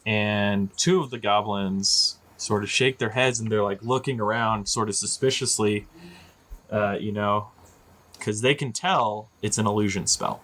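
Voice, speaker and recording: A man's voice: on the low side, unhurried, fairly bright tone. A man narrating as game master of a tabletop game, in loose, chatty storytelling with many fillers.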